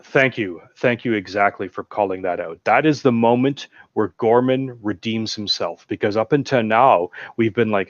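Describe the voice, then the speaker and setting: A man's voice: lowish voice, moderate pace, few pauses, no room sound, dull audio. A man enthusiastically retelling film moments in casual chat, bursting into acted-out quotes. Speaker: podcast guest.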